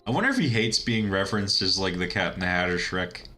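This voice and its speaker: A man's voice: low-pitched, sing-song, quick pace, pushed and bright, a little hiss or hum. A man giving casual, rambling commentary while playing a video game, chatty and laughing at his own asides. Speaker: let's-play gamer.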